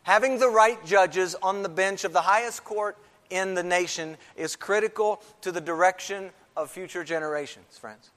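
Male pastor, slightly high voice, emphatic sermon delivery, church hall with long reverb. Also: normal speed, fairly bright tone. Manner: emphatic preaching with repeated phrases. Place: church sanctuary.

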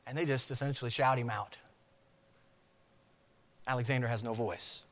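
A man's voice: medium pitch, steady tone, moderate pace, fairly bright tone. A man preaching a sermon on a scripture passage, acting out crowd chants. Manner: dramatic, acts out crowd chants. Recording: long hall reverb.

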